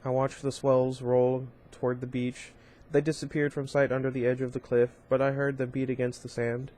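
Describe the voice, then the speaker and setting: A man's voice: medium pitch, flat delivery, normal speed, darkish tone. A man reading a novel aloud in an informal way, with small slips, restarts and brief asides. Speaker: reader.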